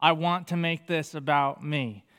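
A man's voice: on the high side, measured pace, clear, resonant tone, in a large hall. A male pastor preaching a sermon, reading scripture aloud with feeling and explaining it to the congregation. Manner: animated, reads scripture with feeling.

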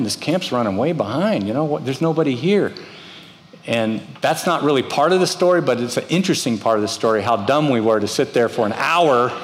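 Preaching from the pulpit, this middle-aged male pastor uses a mid-range voice to tell stories, giving each person in them their own acted-out voice. The church hall around him is reverberant.

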